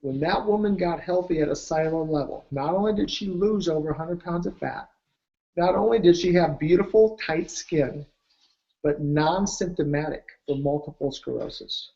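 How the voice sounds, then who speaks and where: A man's voice: fairly high pitch, moderate pace, mellow, highs cut off. A man presenting his weight loss program, telling emphatic motivational stories and acting out the dialogue. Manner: emphatic, acts out quoted dialogue. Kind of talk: motivational storytelling.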